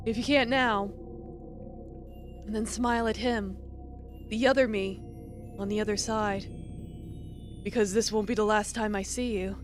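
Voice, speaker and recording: A woman voicing a kind, dying young male huntsman, speaking low and soft to calm someone. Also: a little slow, long pauses, soft background music, close to an everyday voice. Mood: soothing. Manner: soft, hushed, calming.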